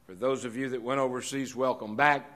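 A man's voice: medium pitch, steady tone, fairly quick, fairly bright tone. A man hosting a live show, folksy and direct, giving announcements to the audience in the room. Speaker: host.

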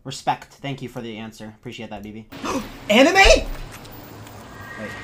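Excitable young male game streamer. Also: mid-range voice, normal speed, background noise. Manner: excitable, laughs often, swears, shouts at the game. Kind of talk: casual live-stream chat while gaming.

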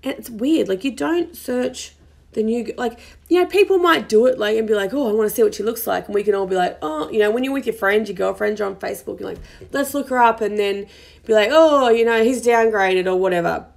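A woman's voice: a little high, a little fast, gravelly, a little mellow. A young woman hosting a podcast, commenting in a chatty, exasperated way with many fillers. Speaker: podcast host. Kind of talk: casual commentary monologue.

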